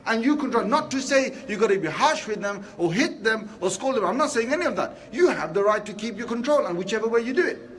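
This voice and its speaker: A man giving a Friday sermon, talking in a lively, conversational way and asking the congregation rhetorical questions. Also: high-pitched, quick pace. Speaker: preacher.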